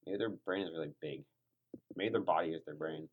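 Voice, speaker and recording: A man's voice: very deep voice, a little fast, narrow, tinny audio. A tired man co-hosting a podcast in casual chat, rambling and restarting his sentences. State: tired from poor sleep. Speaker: podcast co-host.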